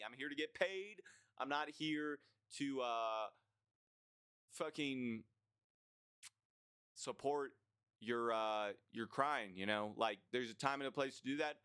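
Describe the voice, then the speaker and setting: A man's voice: mid-range voice, pushed and bright, clear, resonant tone, dry recording, studio quality. A young man, ranting bluntly through a casual list of complaints, swearing often and sometimes sarcastic. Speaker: vlogger.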